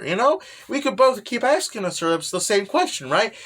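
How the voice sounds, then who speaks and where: A man's voice: high-pitched, very animated, normal speed, a bit bright. Rambling young man recapping a manga. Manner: rambling, keeps saying "all right?". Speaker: manga chapter reviewer.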